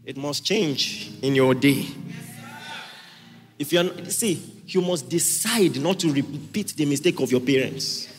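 A male pastor preaching a sermon in a church, forceful and repetitive, often asking the congregation if they are listening. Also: on the high side, measured pace. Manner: forceful preaching, repeats lines, asks audience if listening. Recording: hall reverb with faint music.

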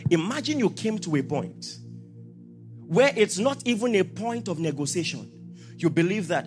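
Male pastor, animated sermon delivery, wide-ranging pitch, soft music underneath. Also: moderate pace. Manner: animated preaching, rhetorical questions, swings from soft to shouting.

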